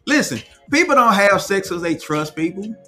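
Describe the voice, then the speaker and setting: A man's voice: high-pitched, sing-song, normal speed, pushed and bright, soft background music. A man hosting a casual live chat, reading viewer comments aloud and giving firm opinions.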